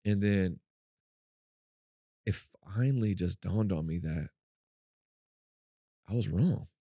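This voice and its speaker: A man co-hosting a faith-based podcast, telling a personal story in an animated way and acting out what people said. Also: takes it slowly, no room sound, clean studio sound. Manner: animated storyteller, acts out quotes in a high voice. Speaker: podcast co-host.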